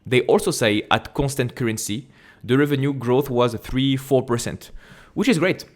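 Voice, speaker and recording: A man with a French accent hosts an investing channel, walking through an earnings report and a spreadsheet on his screen. His voice sits in a middle range, and he reads haltingly, correcting himself and stopping for quick asides. The sound comes from a desktop computer mic. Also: mid-range voice. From France.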